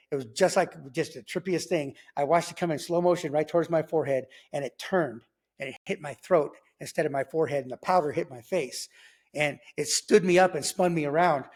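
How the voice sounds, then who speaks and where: A man casually telling his own story in slangy talk, acting out sounds like gunshots as he goes. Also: a little fast. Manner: animated, slangy, acts out sounds like "boom" and "pow". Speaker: guest telling his testimony.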